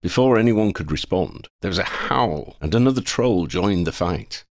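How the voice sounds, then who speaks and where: A man reading a fan fiction chapter aloud as an audiobook narrator, with expressive storytelling. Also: sits low, moderate pace, no echo, studio quality.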